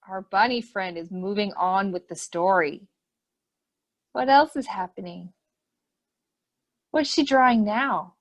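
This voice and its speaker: A children's program host, a woman with a mid-range voice, reads a picture book aloud to preschoolers. She is animated, full of questions and gasps for the kids, and is recorded through a webinar computer mic.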